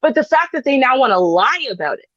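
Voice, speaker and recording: A woman's voice: high-pitched, very animated, fast talker, fairly bright tone, no echo. A woman arguing with passion in an online panel discussion, often tagging her points with "right?", over slightly muffled call audio. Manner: impassioned, keeps asking "right?". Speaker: podcast panelist.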